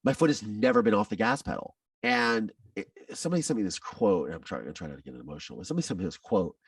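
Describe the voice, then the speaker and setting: Husky low-voiced man, intense and blunt. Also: expressive, fast talker, dry recording, clean studio sound, recorded from a distance. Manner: intense, blunt, with frequent swearing. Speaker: podcast guest. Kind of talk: candid personal storytelling.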